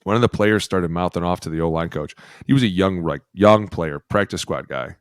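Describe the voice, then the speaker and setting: A man with a fairly low voice tells locker-room stories in a casual podcast chat, brash and full of swearing. He jumps into the voices of the people in his stories, and the sound is dry and close to the mic. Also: fairly quick, no echo. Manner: brash, profane, animated storyteller who acts out quotes. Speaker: podcast co-host, former offensive lineman.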